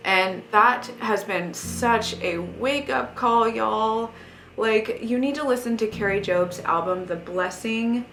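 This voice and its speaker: A woman's voice: fairly high pitch, a little slow, gravelly, a bit bright. A young adult woman giving a heartfelt life update, earnest and emotional, with lots of "like" fillers. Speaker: vlogger. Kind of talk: casual personal life update. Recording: echoey room with faint music.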